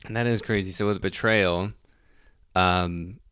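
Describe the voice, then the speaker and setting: Deep, smooth-voiced man, dry sound. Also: fairly even intonation, a little slow, a bit bright, dry recording. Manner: hesitant, questioning. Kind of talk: casual chat.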